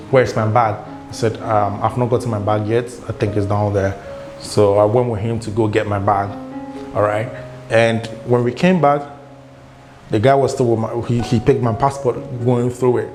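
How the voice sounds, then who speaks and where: Animated Ghanaian man telling a travel story. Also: medium pitch. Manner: animated storytelling, acts out quoted dialogue. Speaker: travel vlogger. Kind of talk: casual storytelling vlog. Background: guitar music.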